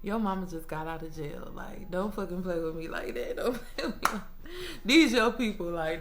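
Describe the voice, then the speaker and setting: Slangy, animated young woman telling a story. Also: medium pitch. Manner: animated, slangy, swears freely, laughs often. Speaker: storytime vlogger. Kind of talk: casual storytime monologue. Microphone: own microphone.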